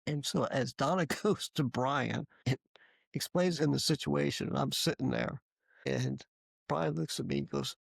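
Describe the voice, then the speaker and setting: A man being interviewed, casually telling lively anecdotes with frequent restarts. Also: mid-range voice, measured pace, vocal fry, slightly rough, no echo. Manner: animated, laughing anecdotes with acted quotes. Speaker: interview guest. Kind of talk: casual storytelling.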